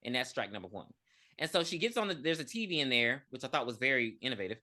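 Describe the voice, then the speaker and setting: Lively, bright-voiced podcast co-host. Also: mid-range voice, quick pace. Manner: profane, animated storyteller who acts out characters. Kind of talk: casual movie recap chat.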